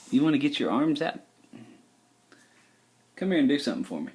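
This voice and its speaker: A man's voice: fairly high pitch, sing-song, fairly quick, pauses often, a little mellow. A young father filming his baby son at home on a handheld camera, coaxing him with playful, repetitive baby talk. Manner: playful sing-song baby talk, coaxing and repeating words. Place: home indoors.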